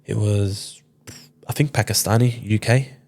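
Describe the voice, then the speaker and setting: Deep-voiced man in his twenties. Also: fairly even intonation, unhurried, a little mellow. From Sydney, Australia. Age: 20s. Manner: loose, swears often, acts out quoted dialogue. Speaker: podcast guest, boxer. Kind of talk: casual storytelling interview.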